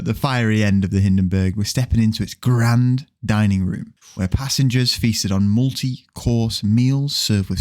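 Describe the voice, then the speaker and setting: A man presenting a podcast topic with playful, dry humor. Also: mid-range voice. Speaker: podcast co-host presenting the episode. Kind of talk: casual podcast chat.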